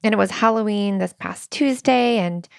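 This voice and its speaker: A woman's voice: medium pitch, moderate pace, creaky, clear, resonant tone, no room sound, clean studio sound. A woman co-hosting a relationship podcast, telling earnest personal stories with quoted dialogue. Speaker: podcast co-host. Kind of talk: relationship advice conversation.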